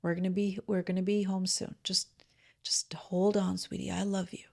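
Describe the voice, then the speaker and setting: A woman voicing a gentle older grandmother, speaking in a soft, hushed, half-whispered tone. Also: medium pitch, flat delivery, normal speed, gravelly. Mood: soothing. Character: gentle loving older grandmother soothing a child.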